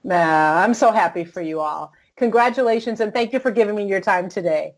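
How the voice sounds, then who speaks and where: A woman's voice: medium pitch, brisk. A woman interviewer thanking her guest at length, effusive and rambling. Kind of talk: casual interview.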